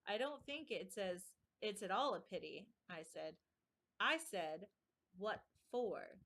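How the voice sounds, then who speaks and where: A woman's voice: medium pitch, lively intonation, slow pace, a bit bright, full character voice. A woman voicing a polite but bold young girl in a storybook reading. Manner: polite, then decided.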